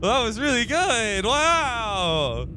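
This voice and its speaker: A man's voice: extremely high pitch, sing-song, extremely slow, background noise. A man teasing other players in casual game voice chat, brash and sarcastic. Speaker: YouTuber roleplaying in an online game.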